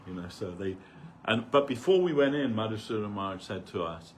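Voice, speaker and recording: A man's voice: on the low side, animated, brisk, slight background noise. A man giving an informal spiritual talk at a temple gathering, rambling conversationally and peppering his stories with "you know".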